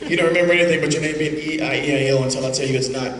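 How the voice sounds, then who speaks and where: A man's voice: fairly high pitch, fairly even intonation, racing, noisy background. A male stage hypnotist giving repetitive, playful commands to volunteers during a live show. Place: theater stage before a live audience. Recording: echoey hall from far off with crowd.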